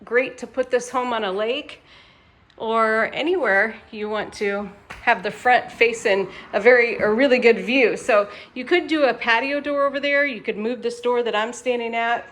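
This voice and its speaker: A woman's voice: on the high side, moderate pace, a bit bright. A woman who manages a mobile home sales lot, chatting in an upbeat way while she walks viewers around a home, outside and then inside. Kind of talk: casual home walkthrough.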